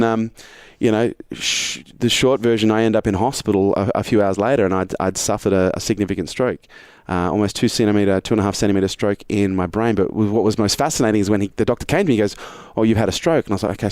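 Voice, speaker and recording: A man from Australia, a guest on an interview podcast, telling a story fast and animated, swearing freely. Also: on the low side, no room sound, clean studio sound.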